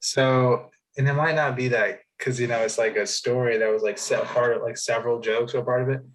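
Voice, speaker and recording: A young man chats casually as a guest. His voice sits at an ordinary, middle pitch. He tells stories loosely, full of fillers and restarts. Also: fairly even intonation, brisk, poor audio. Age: young adult. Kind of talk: casual interview chat.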